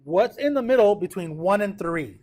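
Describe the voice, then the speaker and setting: In a classroom, a man whose voice sits slightly high gives a math lesson, pausing often to ask if the students are following. He sounds casual and encouraging, expressive and a little mellow.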